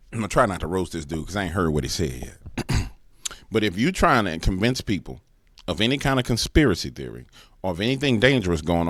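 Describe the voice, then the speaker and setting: A man's voice: sits low, fairly bright tone, dry recording, studio quality. A man hosting a reaction channel, joking in slangy comedic commentary.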